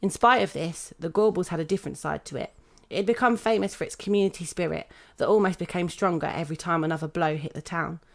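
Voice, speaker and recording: A young British woman hosting a podcast, reading a prepared script in a steady, measured way. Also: lowish voice, gravelly. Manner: steady, measured reading, laughing now and then. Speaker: podcast host.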